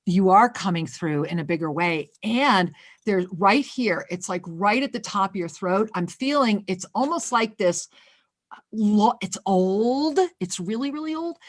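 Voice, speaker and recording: A woman's voice: mid-range voice, no echo, studio quality. A woman hosting a spiritual call-in radio show, effusive and affectionate, calling callers sweetheart.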